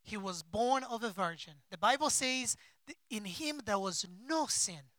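A man preaching a sermon as a pastor, with impassioned delivery and big swings between soft and loud. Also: sits high, expressive, unhurried, dry recording. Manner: acts out quoted figures in his own voice. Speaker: pastor and missionary.

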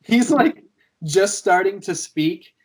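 Podcast host, casual, animated storyteller who laughs a lot; voice jumps up and down in pitch. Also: takes it slowly, husky. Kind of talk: casual chat.

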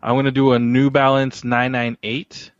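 A man's voice: mid-range voice, level tone, moderate pace, no room sound, dull audio. A man co-hosting a podcast, talking in a laid-back, hesitant way. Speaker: podcast co-host. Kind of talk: casual podcast chat.

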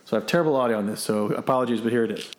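A man's voice: mid-range voice, very fast, roomy sound, background noise. A man hosting a casual podcast movie quiz, chatty and self-deprecating, laughing often. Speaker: quiz host.

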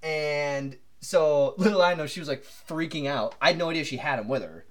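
Guy on a podcast rambling through a travel story, bit high voice, lots of likes. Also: moderate pace. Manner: rambling, animated anecdote telling with many fillers. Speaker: podcast co-host. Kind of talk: casual storytelling chat.

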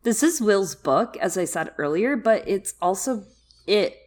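A woman's voice: medium pitch, lively intonation, a little slow, darkish tone. A young woman co-hosting a podcast, chatting animatedly about a book with lots of filler words. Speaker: podcast co-host. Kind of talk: casual book discussion.

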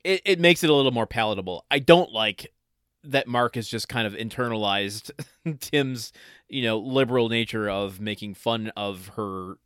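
A man co-hosting a podcast chats casually while reviewing a sitcom episode, restarting hesitantly and dropping dry humor. His voice is on the low side at normal speed, a bit bright, clear, and resonant, with no echo.

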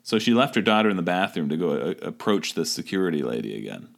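A man's voice: sits low, big pitch swings, quick pace, creaky. A man co-hosting a comedic podcast, reading a review aloud with lots of laughter and acted-out quotes. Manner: laughs often, acts out quoted lines. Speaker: podcast co-host.

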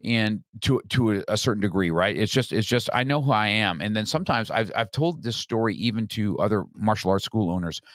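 Brash, animated man with a low voice. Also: brisk, hardly any pauses, no echo, clean studio sound. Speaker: podcast host. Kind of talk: conversational interview.

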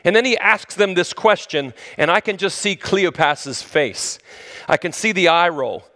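A man preaching a sermon who talks straight to his listeners and swings between loud, high exclamations and low, hushed lines. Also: animated, measured pace. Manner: conversational, addresses the listeners directly. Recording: long reverb of a large hall.

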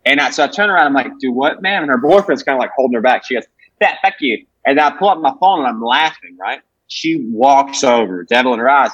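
A male comedian guest in his 20s from Alabama, USA, tells profane stories on a casual podcast, acting out quotes with animation. His husky, mid-range voice is recorded close and dry, with dull audio and no room sound.

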